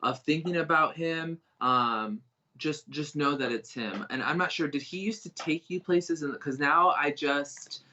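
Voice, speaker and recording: A man with a bright, forceful voice gives a live online psychic reading. He feels his way along, halting and restarting. The stream audio sounds dull and lo-fi. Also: on the high side, slight background noise. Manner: halting, searching, many restarts. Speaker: psychic medium reader.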